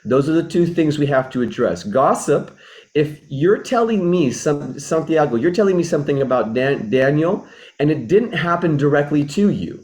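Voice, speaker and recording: Very animated, a man in the role of relationship mentor delivers an earnest teaching talk at normal speed in a high-leaning voice with a darkish tone. He explains reflectively, repeats and rephrases himself, and acts out sample dialogues.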